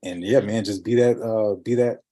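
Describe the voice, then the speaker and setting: A man's voice: fairly low pitch, steady tone, normal speed, dark tone. A man in a casual coaching chat, talking with energy and emphasis.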